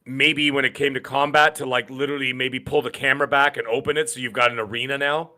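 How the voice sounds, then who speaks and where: Bright-voiced excitable man co-hosting. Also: medium pitch, fast. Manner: excitable, acts out game characters' lines. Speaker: podcast co-host. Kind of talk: casual gaming podcast chat.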